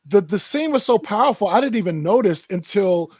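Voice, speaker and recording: High-voiced excited man hosting. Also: breathy edge, no echo. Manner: enthusiastic, quick to exclaim "that's dope", "wow". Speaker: podcast host. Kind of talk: casual interview chat.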